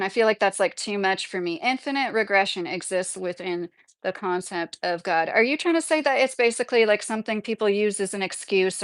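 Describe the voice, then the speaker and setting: A woman with a medium-pitched voice hosts a livestream, reading the chat and talking casually with viewers. She rambles, packing her speech with "like," and the audio has no room sound.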